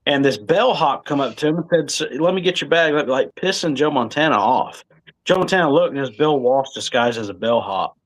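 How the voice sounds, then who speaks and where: A man's voice: mid-range voice, expressive, fairly quick. A man co-hosting a casual sports talk show, telling football stories in a laid-back way. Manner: laid-back storytelling with frequent "dude".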